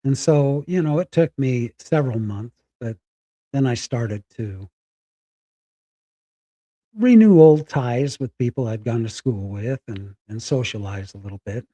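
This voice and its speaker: A middle-aged man telling a personal story candidly, halting and close to tears. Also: mid-range voice, animated, warm tone, dry recording. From Spokane, Washington. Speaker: guest.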